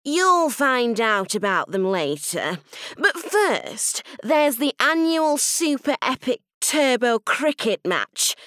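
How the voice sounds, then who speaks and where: A woman narrator putting on the voice of a grumpy, stern female head teacher, announcing briskly. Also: fairly high pitch, big pitch swings, a bit bright, dry recording, clean studio sound, pitched above the performer's own voice, full character voice.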